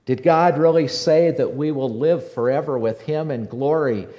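A man preaching a sermon as pastor, passionate and building to loud emphatic repetition. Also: fairly high pitch, moderate pace, big-room sound. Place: church sanctuary.

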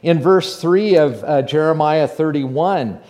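A man's voice: fairly high pitch, takes it slowly, warm tone. A man preaching a sermon to his congregation, earnest and rising to fervent emphasis. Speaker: pastor.

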